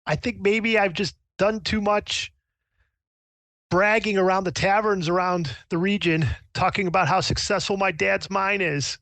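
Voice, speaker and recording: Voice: medium pitch, vocal fry, fairly bright tone, dry recording, pitched above the performer's own voice. A game master voicing a frightened young man who stammers and pleads in a panic. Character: frightened young man, a mine owner's party-loving son.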